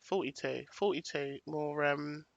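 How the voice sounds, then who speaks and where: Slow-talking woman livestreaming. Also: low-pitched, vocal fry, no room sound, dull audio. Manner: chatty, thanks viewers, thinks aloud while picking graphics. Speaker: livestream host. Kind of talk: casual livestream commentary.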